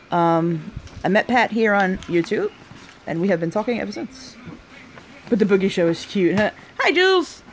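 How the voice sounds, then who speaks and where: Chatty, excitable young woman unboxing live. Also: mid-range voice, slight background noise. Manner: chatty and excitable, frequent delighted exclamations; breaks off to talk to family off camera. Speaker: unboxing vlogger hosting a live stream. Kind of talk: casual live unboxing chat.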